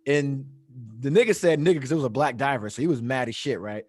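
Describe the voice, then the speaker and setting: A man telling a long story in casual chat, animated and profane, often laughing at his own tale. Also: mid-range voice, fast talker, dry recording. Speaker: podcast storyteller.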